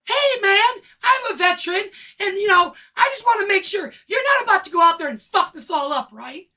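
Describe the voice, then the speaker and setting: A man's voice: very high-pitched, lively intonation, moderate pace, sharp tone, pitched above the performer's own voice, full character voice. A man putting on the voice of a blunt male arena manager who is a veteran. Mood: condescending.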